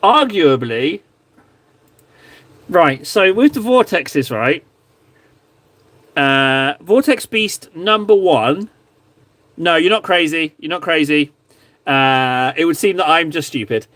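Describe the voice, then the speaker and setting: A man's voice: on the high side, expressive, takes it slowly, long pauses, fairly bright tone, dry recording. A man chatting casually on a live stream, reviewing viewers' painted miniatures in a rambling, self-mocking, playful way.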